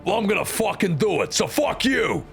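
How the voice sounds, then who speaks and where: A man voicing a gruff, foul-mouthed robot queen, in a comedic game voice-over. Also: high voice, big pitch swings, moderate pace, over music, pitched above the performer's own voice, full character voice. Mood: defiant. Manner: tough-talking, slangy, swears.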